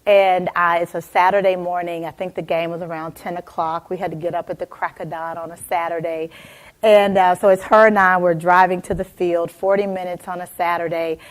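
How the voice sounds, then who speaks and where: A woman in her forties telling a personal story in a lively keynote talk, calling out to audience members by name. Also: on the low side, a little fast. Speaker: motivational speaker.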